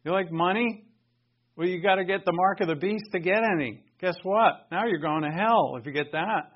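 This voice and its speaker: A male pastor preaching a sermon in an animated, conversational way, with sarcastic asides to the congregation. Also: high voice, normal speed, lo-fi sound.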